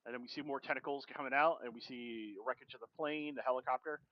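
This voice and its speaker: A man streaming and casually narrating a comic aloud, in loose, halting sentences full of fillers, in a dull lo-fi recording. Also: mid-range voice, steady tone, no echo. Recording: dull lo-fi stream mic with faint noise.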